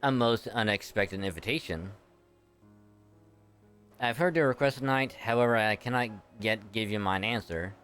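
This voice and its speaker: A man's voice: fairly low pitch, normal speed, pauses often, fairly bright tone, soft background music, lightly acted. A man voicing an ancient, regal female dragon from a game, speaking in stately archaic words. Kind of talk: reading game dialogue aloud.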